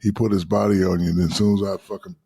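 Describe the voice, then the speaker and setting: Deep raspy guy swearing his way through big stories, dry close sound. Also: very fast, dry recording. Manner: profane, animated storytelling with quoted asides. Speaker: podcast guest. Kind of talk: casual storytelling.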